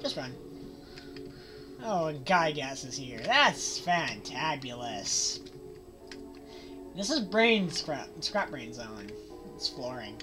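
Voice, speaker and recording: Speaking slowly with long pauses, this woman has a rumbling low voice full of big pitch swings. She's a let's play gamer doing commentary on a horror game, cracking sarcastic, mock-cheerful jokes while loud game music plays behind her.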